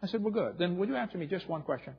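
A man's voice: high-pitched, expressive, very fast, gravelly, slightly rough, big-room sound. A man giving a humorous lecture to a live audience, telling stories and throwing jokes and asides at the crowd. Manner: jokey storyteller with audience asides. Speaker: seminar speaker. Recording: dull lo-fi recording.

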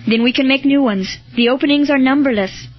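A man's voice: very high voice, a little fast. A woman reading the part of a resolute, commanding male Christian soldier in a storybook. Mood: hopeful. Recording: dull lo-fi with faint music.

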